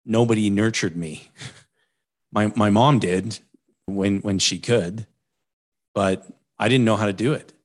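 A man's voice: lowish voice, a little slow, long pauses. A man hosting a podcast interview, reflecting openly on his own life. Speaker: podcast host. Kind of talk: casual interview chat.

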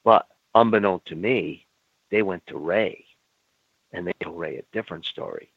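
An older man and former pro wrestler speaks as an interview guest in a low, husky voice with vocal fry, telling candid, blunt stories. He swears and acts out both sides of old arguments in quick back-and-forth dialogue. The audio is dry and phone-like.

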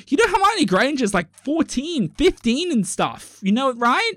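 A man hosting a solo podcast rambles in a casual, exasperated rant and swears freely. His pitch swings widely as he talks. The recording is dry and close. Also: sing-song, moderate pace, hardly any pauses, a bit bright, no room sound. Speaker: podcast host.

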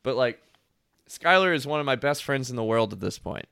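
A man's voice: medium pitch, animated, a little fast, gravelly, sharp tone, clear, resonant tone, no echo, clean studio sound. A man telling stories in casual chat, rambling with lots of "like" and frequent laughter.

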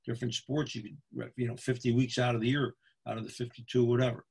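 A man's voice: mid-range voice, little pitch movement, fast, creaky, darkish tone, husky. A middle-aged man from Pennsylvania, a football official giving a folksy instructional talk to other officials, repeating his points and checking in with "okay?". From Pennsylvania, USA.

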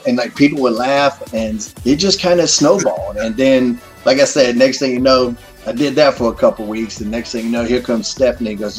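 A middle-aged man telling stories as a guest in a casual interview, animated and full of profanity. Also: mid-range voice, fairly quick, few pauses, soft background music.

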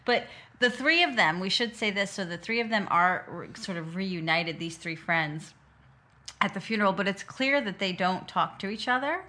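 A woman's voice: mid-range voice, animated, normal speed, bright, forceful tone. A woman co-hosting a podcast, chatting casually and laughing easily as she recaps a miniseries. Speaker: podcast co-host.

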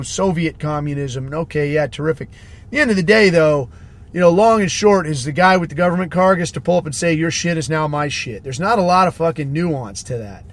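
A man hosting a podcast, ranting in a casual, profane, sarcastic way and mimicking the people he mocks. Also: fairly high pitch. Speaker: podcast host. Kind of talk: casual solo rant.

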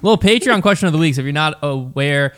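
A man's voice: fairly high pitch, expressive, fast talker. A man hosting a podcast in casual chat, reading an ad with upbeat energy. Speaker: podcast host.

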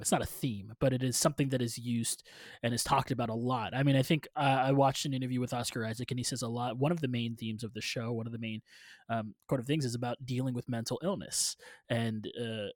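A man's voice: mid-range voice, no room sound, studio quality. A man in his thirties reading out a plot summary on a podcast, breaking off into casual asides. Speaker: podcast host reading a recap.

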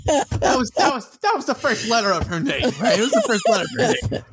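A man and interview guest, telling a personal story in an animated way, often laughing and acting out the voices of others. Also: very high-pitched, a little fast, a loud crowd. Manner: lively, laughing, acts out quoted voices.

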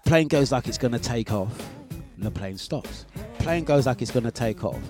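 A man hosting a breakfast radio show, telling a story in an animated, laughing way and acting out the scenes. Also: medium pitch, normal speed, music in the background. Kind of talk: casual storytelling on air.

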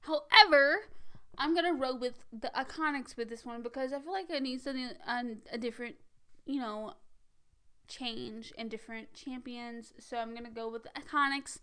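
A young woman hosting a podcast, chatting in a hurried, casual way with lots of fillers as she gives her predictions. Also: fairly high pitch, bright, forceful tone, clean tone. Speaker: podcast host. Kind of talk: casual wrestling predictions chat.

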